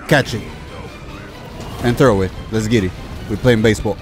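A young man with a somewhat low voice gives loose, running commentary while playing a game. He chats casually and grumbles when things go wrong. Faint game music sits quietly behind him. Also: a little fast. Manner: chatty, easily frustrated, swears mildly. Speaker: gaming youtuber.

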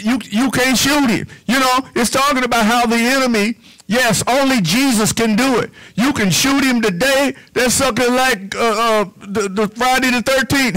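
Male pastor, high bright voice, preaching with hushed repetitions. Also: rough recording. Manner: preaching with repetition, drops to a low hush on "whisper". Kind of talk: sermon.

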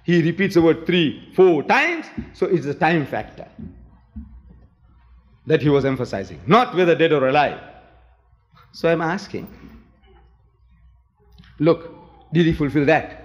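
A man giving a debate lecture to an audience, animated and rhetorical, often asking the audience questions. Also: a little high, measured pace, pauses often. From South Africa. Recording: dull old recording with long hall reverb.

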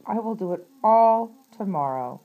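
Lady reading a whiny lazy toad guy from a kids book, slow and lively. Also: medium pitch, phone-quality sound, pitched above the performer's own voice. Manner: whiny, putting things off. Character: lazy grumbling male toad, storybook.

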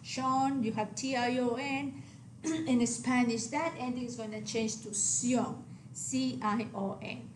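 A woman teacher gives a recorded lesson in a roomy space with some echo and a light hiss behind her. Her voice sits a little high, and she speaks patiently, pausing to check in with her students. She reads word pairs out slowly and clearly so they can be repeated. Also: fairly even intonation. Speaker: Spanish teacher. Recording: echoey room, faint background hiss.

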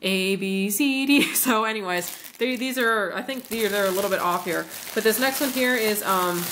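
A woman's voice: medium pitch, a bit bright. A woman chatting casually at home in a haul vlog, rambling with lots of fillers as she sniffs and reviews wax melts, with a faint hiss behind her.

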